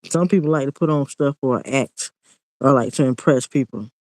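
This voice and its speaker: A man's voice: medium pitch, a little fast, darkish tone, dry recording, low-quality recording. A man, ranting in a casual monologue vlog, blunt and preachy and repeating himself.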